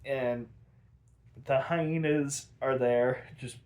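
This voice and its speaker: A man's voice: mid-range voice, steady tone, drawn-out words, darkish tone. Rambling man recapping a cartoon. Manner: rambling, lots of likes and ums, laughs often. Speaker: podcast host recapping a cartoon episode. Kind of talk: casual recap chat.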